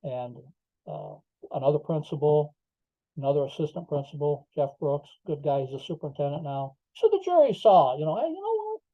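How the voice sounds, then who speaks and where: A man's voice: a little high, animated, moderate pace, no echo. An older man, a podcast guest, telling his story emphatically with rhetorical asides. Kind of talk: interview storytelling. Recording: slightly dull lo-fi audio.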